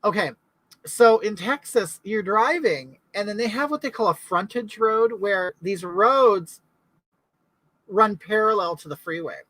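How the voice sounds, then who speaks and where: A woman's voice: mid-range voice, expressive, measured pace, fairly bright tone, no room sound, low-quality recording. A middle-aged woman from California, hosting a casual live chat in a rambling way and answering viewers' comments. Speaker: livestream host.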